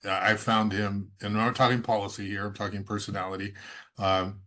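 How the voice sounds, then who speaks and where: A man's voice: on the low side, flat delivery, fairly quick, sharp tone. An American man hosting an interview, asking probing questions in a conversational way. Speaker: podcast host.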